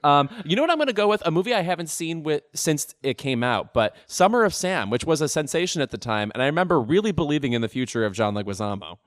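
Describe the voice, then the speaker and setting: A man's voice: on the high side, big pitch swings, quick pace, few pauses. A man co-hosting a podcast, chatting about pop culture in a wry, sardonic, self-deprecating way. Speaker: podcast co-host. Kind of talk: casual pop-culture chat.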